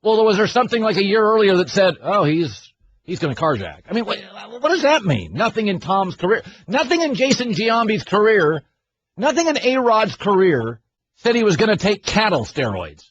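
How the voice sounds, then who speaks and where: A man's voice: sits high, sing-song, moderate pace, muffled recording. A man hosting a sports radio show, ranting and sarcastic in disbelief. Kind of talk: opinionated sports talk.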